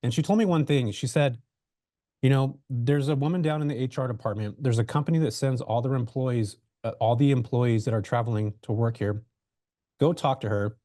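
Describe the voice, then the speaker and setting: A man's voice: mid-range voice, fairly quick, mellow, no room sound, clean studio sound. A man guest on a webinar interview, telling his story in a loose, conversational way with lots of fillers and restarts, over a video call mic. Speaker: real estate investor guest.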